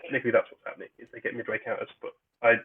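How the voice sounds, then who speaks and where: A man with a husky voice talks through his card plays, stopping and restarting as he explains the rules. He comes through a thin, tinny call line. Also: medium pitch, completely flat delivery, rapid-fire. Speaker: player. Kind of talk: casual game chat.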